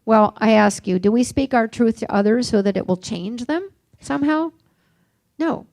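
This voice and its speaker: Gravelly older woman giving a workshop talk. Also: fairly high pitch, moderate pace, dry recording. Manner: reflective, anecdotal, gently questioning. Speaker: workshop speaker.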